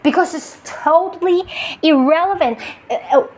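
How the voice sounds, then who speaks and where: An extremely high-pitched woman's voice at normal speed belongs to a spiritual vlogger with a non-native English accent. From her bed, she talks to her phone in a reflective self-help monologue, repeatedly restarting and chuckling at herself.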